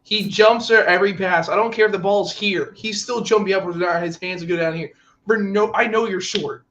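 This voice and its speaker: A man's voice: high voice, fairly quick, a bit bright, lo-fi sound. A man co-hosting a sports podcast, ranting in exasperation and acting out players in mock voices during casual chat. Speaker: podcast co-host.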